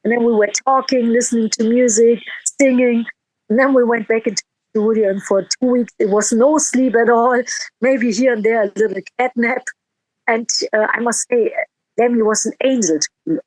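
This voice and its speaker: A woman's voice: a little high, normal speed, a little mellow, no room sound, low-quality recording. A woman musician in a casual interview, telling a heartfelt story with quoted dialogue and frequent restarts.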